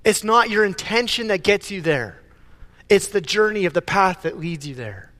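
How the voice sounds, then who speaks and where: A man preaching a sermon as pastor, animated, often stumbling and repeating words as he builds a point. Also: sits high, big-room sound.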